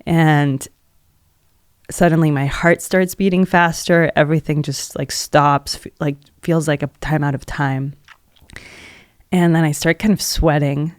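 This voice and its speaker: A woman's voice: sits low, fairly even intonation, measured pace, dry recording, clean studio sound. A woman guest on a podcast, an energy healer, telling a personal story in a casual, earnest way and leaning heavily on "like" as a filler. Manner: heavy use of "like" as filler; earnest, emotional retelling.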